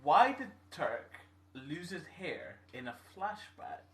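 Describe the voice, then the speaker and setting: A man's voice: fairly high pitch, sing-song, slow, far from the mic. A Scottish man hosting a live stream quiz, reading questions with a joking manner and some stumbles. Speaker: quiz host. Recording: roomy echo.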